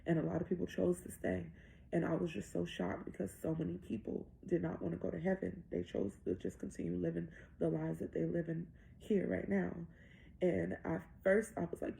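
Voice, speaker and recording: Gravelly, dark-voiced woman telling a dream. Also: fairly low pitch, flat delivery, brisk, slight background noise. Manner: earnest, breathless retelling with quoted dialogue. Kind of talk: emotional personal testimony.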